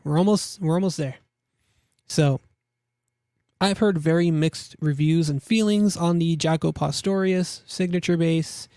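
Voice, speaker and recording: A man's voice: fairly high pitch, a little mellow, no echo, studio quality. A young man hosting a casual look at gear listings, joking around and repeating himself as he talks. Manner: chatty, jokey, repeats himself, laughs at own jokes. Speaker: host. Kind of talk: casual gear market commentary.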